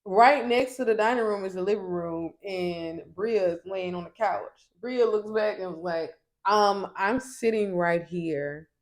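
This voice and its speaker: A woman's voice: medium pitch, normal speed, few pauses, a little mellow. A woman reviewing a TV show in a casual recap, sassy and emphatic.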